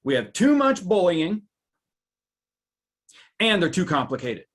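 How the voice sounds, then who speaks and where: A man presenting a live webinar, animated, reading out viewers' reactions by name and jumping up in pitch for emphasis. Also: a little slow. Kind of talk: lively live webinar talk.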